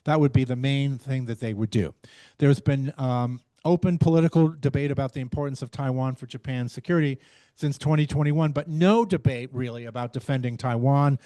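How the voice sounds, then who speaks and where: A man presents his research in a measured academic talk, pausing on fillers and correcting himself as he goes. His voice sits in the middle range, recorded dry and close with little room sound. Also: mid-range voice, warm tone, dry recording. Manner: measured, frequent fillers and restarts.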